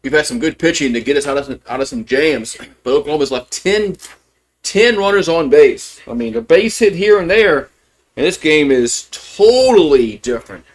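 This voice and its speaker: A man's voice: a little high, lively intonation, normal speed. Casual partisan baseball play-by-play man. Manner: rooting openly for his team, rambling asides; casual, loose, chatty. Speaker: fan play-by-play streamer. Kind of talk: live baseball play-by-play commentary.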